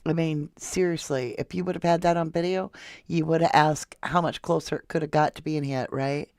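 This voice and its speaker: A woman's voice: low-pitched, fairly even intonation, normal speed, a little mellow, no echo, clean studio sound. A woman from Florida hosting a casual true crime livestream, chatting and reading viewer comments aloud. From Florida, USA. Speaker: true crime channel host.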